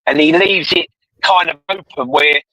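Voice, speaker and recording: A man's voice: fairly high pitch, normal speed, crowd noise, low-quality recording. A British man chatting casually, rambling and swearing a lot. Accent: British English. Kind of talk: casual chat.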